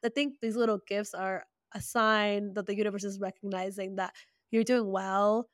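A young woman co-hosting a podcast, warm, encouraging and effusive in casual chat. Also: mid-range voice, fairly even intonation, normal speed, no room sound, studio quality. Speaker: podcast co-host.

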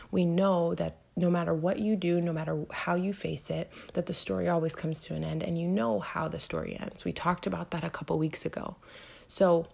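An earnest woman in her thirties talks her listeners through hard seasons of life, direct and encouraging. Her fairly low voice is gravelly and husky, with lots of fry. She often sinks into a near whisper to make a point. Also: warm tone. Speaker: motivational podcast host. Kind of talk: encouraging self-help talk.

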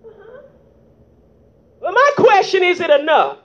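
Very high-voiced fervent woman preacher. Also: wildly swooping pitch, measured pace. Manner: fervent call-and-response, rhetorical "huh?". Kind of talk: sermon. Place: church. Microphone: handheld microphone. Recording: dull lo-fi recording.

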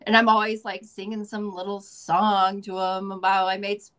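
A woman's voice: mid-range voice, level tone, a bit bright, clean tone. A woman from the Midwestern US, a guest chatting casually in an interview, upbeat and goofy, laughing often. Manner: goofy, upbeat, talks in quick bursts with laughs.

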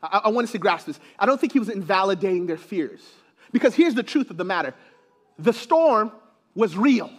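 A man preaching a sermon in an animated way, often repeating words and laughing between points. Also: high voice, fairly quick. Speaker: pastor.

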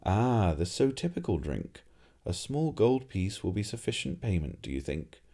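An eager, polite tourist with a formal way of speaking, voiced by a man, pitched a bit above a deep voice. The tone stays mellow and slightly gravelly. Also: big pitch swings, normal speed, heavily acted. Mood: earnest. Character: naive polite male tourist.

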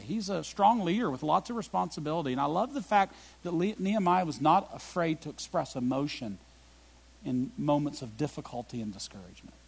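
A middle-aged man preaching a sermon as pastor, swinging between loud emphatic bursts and quiet, low reflective lines. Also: creaky, breathy edge.

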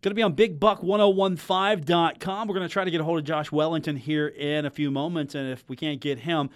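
A man hosting live sports radio from a studio mic. His voice sits a little high for a man. He rambles and jokes through plenty of restarts, and the booth sound is tight and dry. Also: fairly even intonation, brisk, no room sound. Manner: rambling, joking, lots of restarts. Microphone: studio microphone.

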